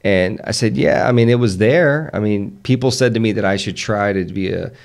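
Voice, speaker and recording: Man, 30s, faint Southern accent, low gravelly voice, earnest, restarts often. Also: normal speed. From Southern United States. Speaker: podcast guest. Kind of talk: casual conversation.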